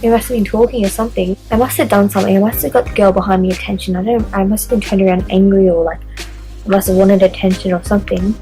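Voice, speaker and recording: A woman's voice: mid-range voice, fairly even intonation, fast talker, warm tone, soft background music, low-quality recording. A young woman casually telling a story-time vlog, chatty and swearing a lot as she acts out what people said. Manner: chatty, swears often, reenacts dialogue. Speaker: vlogger.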